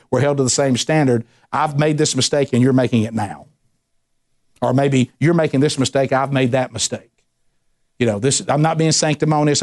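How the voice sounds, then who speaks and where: A man preaching a sermon as a pastor, in an animated style with frequent restarts and rising emphasis. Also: medium pitch.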